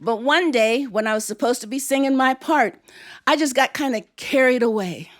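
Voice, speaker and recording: An older woman telling a personal story to a live audience on stage, expressive and playful. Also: sits high, moderate pace, noisy background.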